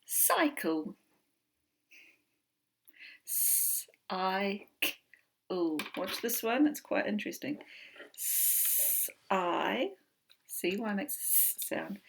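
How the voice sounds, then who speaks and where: A woman with a New Zealand accent teaching an online phonics lesson from home, slowly sounding out letters and words. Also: medium pitch, creaky, background noise. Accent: New Zealand English.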